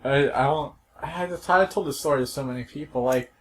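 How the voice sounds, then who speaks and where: Young guy rambling through a story, cussing and cracking up, fairly high voice, bit of hiss behind. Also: fairly quick. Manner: profane, laughing, acts out quotes loudly. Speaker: podcast co-host. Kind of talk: casual chat, storytelling.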